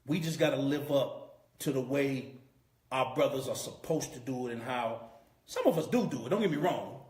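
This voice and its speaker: A man's voice: medium pitch, lively intonation, normal speed, a little mellow. A man teaching a scripture class as a preacher, emphatic and repeating his key points. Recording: roomy echo.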